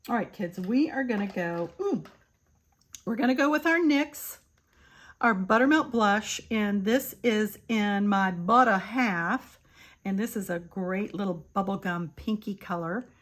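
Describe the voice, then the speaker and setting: An older woman giving a chatty makeup tutorial, calling her viewers "kids" and sometimes dropping to a soft murmur. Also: medium pitch, unhurried. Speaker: beauty vlogger.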